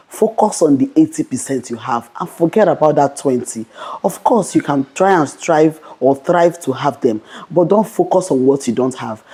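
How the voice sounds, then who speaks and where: A young adult woman vlogger giving a fast, bold motivational Christian talk to camera, often repeating "okay". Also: deep voice, warm tone, breathy edge.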